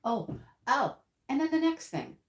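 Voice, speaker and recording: A woman's voice: sits high, big pitch swings, a little slow. A woman hosting a live stream and chatting casually with viewers, telling a story, laughing often and acting out what people said. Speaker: livestream host. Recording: roomy echoey room.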